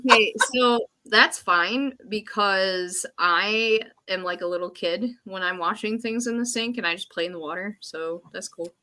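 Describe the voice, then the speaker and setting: A woman co-hosting a casual podcast chat, telling stories in an animated way and acting out her own panic. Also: mid-range voice, normal speed, few pauses. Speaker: podcast co-host.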